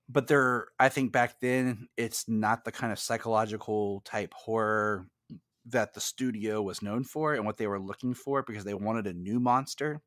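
Guy guesting on a movie podcast, mid pitch, rambles with lots of uhs, dry mic. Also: a bit bright, dry recording. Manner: rambling, many restarts and fillers. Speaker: podcast guest, film expert. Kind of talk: casual film discussion podcast.

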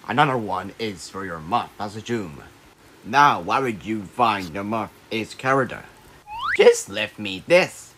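A man voicing an excitable cartoon character who bickers with a witch in an animated, squabbling way. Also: fairly low pitch, unhurried, slight background noise. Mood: bickering. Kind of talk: cartoon voice acting.

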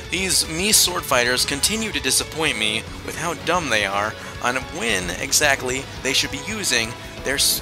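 A young man giving joking, excitable commentary on a video game match, as a gaming YouTuber. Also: mid-range voice. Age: young adult. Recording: game music and sound behind the voice.

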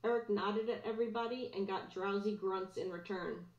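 Woman teacher, storybook read-aloud, mid-pitched, echoey and muffled room sound. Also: steady tone, moderate pace, a little mellow. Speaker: teacher reading aloud to students. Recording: roomy, dull lo-fi recording.

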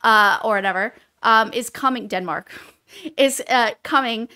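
A woman co-hosting a book podcast, recapping the plot in a rambling, animated way with lots of fillers. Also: a little high, unhurried, clean tone. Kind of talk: casual book discussion.

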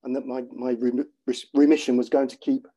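A man's voice: mid-range voice, level tone, fairly quick, dark tone, muffled recording. A man in his fifties, a former soldier, giving a talk and reading a chapter of his book aloud with dry, self-deprecating humour. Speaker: conference speaker, former soldier.

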